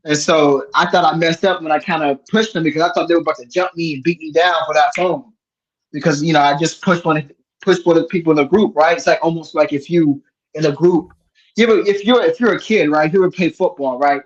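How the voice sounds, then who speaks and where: Man, fairly high voice, rambling and animated storyteller, dull lo-fi sound. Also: quick pace. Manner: rambling, animated, many restarts. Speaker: host. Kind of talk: casual storytelling chat.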